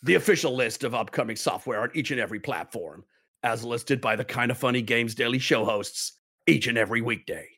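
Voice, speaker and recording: A man's voice: mid-range voice, sharp tone, husky, no echo, clean studio sound. A showy American talk-show announcer, as a man puts him on, leaning hard on every R and stretching his vowels. The delivery is a broad, formal announcement with no irony. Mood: announcing. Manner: announcer-style, drawn-out American pronunciation.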